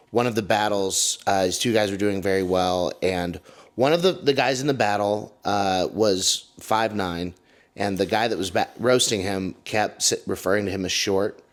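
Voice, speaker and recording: A man co-hosting a podcast, joking and teasing in casual chat, then telling his own story. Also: sits low. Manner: teasing, jokey interjections. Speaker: podcast co-host, comedy event runner.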